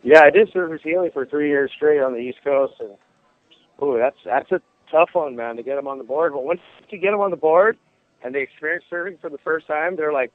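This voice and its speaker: A man's voice: fairly high pitch, brisk, no echo. A man phoning into a show, casually telling a surfing story and acting out the people in it. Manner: animated storyteller, acts out quoted voices. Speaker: phone-in guest, surf instructor. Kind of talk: casual phone chat, storytelling. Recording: dry, tinny phone line.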